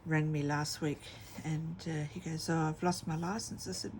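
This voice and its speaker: Gravelly woman chatting while crafting. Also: low voice, little pitch movement, normal speed, darkish tone, slight background noise. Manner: rambling storytelling with many fillers. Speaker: craft vlogger. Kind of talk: casual chat while crafting.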